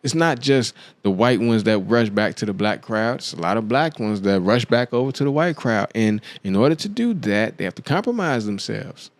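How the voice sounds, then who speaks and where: A man's voice: fairly low pitch, expressive, normal speed, hardly any pauses, dry recording. A man hosting a show, talking through his views in a loose, casual monologue, often checking in with "you dig what I'm saying?". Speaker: podcast host.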